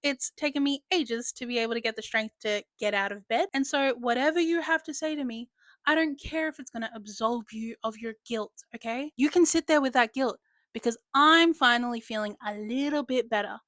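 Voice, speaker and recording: A woman's voice: on the high side, fairly quick, fairly bright tone, no room sound, natural voice. A woman voicing a grieving young widow who cuts people off and swears freely, in a spoken book recap. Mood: defiant. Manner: brash, swearing, cutting people off. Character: grieving widow, blunt and foul-mouthed.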